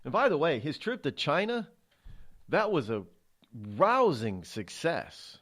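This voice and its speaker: A man's voice: on the high side, huge pitch swings, unhurried, a bit bright. A male talk show host giving sarcastic, emphatic political commentary.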